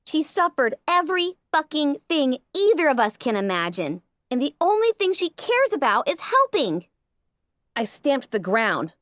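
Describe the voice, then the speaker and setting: A woman's voice: high voice, big pitch swings, unhurried, a bit bright, no echo. A woman reading a first-person fan fiction audiobook with an emotional, impassioned delivery, recorded on a close mic. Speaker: audiobook narrator.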